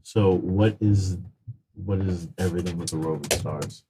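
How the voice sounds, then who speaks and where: A man's voice: sits low, unhurried, noisy background. A man, a tabletop game player, talking casually and correcting himself. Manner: hesitant, self-correcting.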